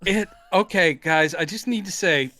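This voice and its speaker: High-voiced man co-hosting a chat. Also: moderate pace, dry recording. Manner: animated, acts out scenes in silly voices. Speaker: podcast co-host. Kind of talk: casual chat.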